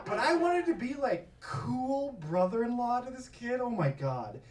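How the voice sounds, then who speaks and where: Animated male comic on a roomy stage. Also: very high voice, unhurried, over a noisy crowd. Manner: animated, acts out quoted voices, swears freely. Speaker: stand-up comedian. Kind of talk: stand-up storytelling. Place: comedy stage before a live audience. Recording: echoey room from far off, audience laughter.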